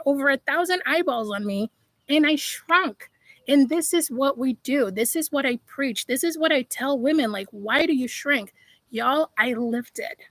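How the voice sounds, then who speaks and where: A woman speaks live to her viewers as a life coach, emphatic and a little preachy, calling them y'all. Her voice sits a bit high. The sound is dry and close, with no room in it. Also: a bit bright, dry recording, low-quality recording. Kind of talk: live-stream motivational talk.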